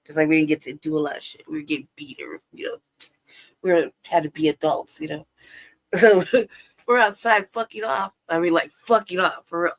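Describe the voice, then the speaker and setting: A woman's voice: low-pitched, fairly even intonation, a little fast, vocal fry. Laughing, profane storyteller woman from Los Angeles. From Los Angeles, California. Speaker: livestream guest. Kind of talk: casual storytelling. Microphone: livestream call.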